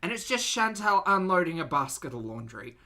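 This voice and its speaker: Lively bright-voiced Australian man. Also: a little high, a little fast. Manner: chatty, loud and self-mocking. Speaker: reaction livestream host. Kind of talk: casual livestream commentary.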